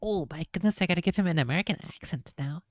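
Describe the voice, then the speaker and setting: Woman streamer reading aloud; low, casual, jokey, swears in asides, dry close sound. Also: fast, dry recording.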